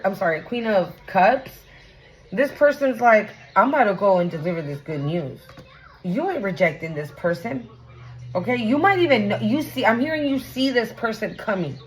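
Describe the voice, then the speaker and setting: A woman giving a casual tarot reading to camera, blunt and profane, talking straight to the viewer and often asking "right?". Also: fairly high pitch. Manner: animated, often exclaims and asks "right?". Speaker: tarot reader.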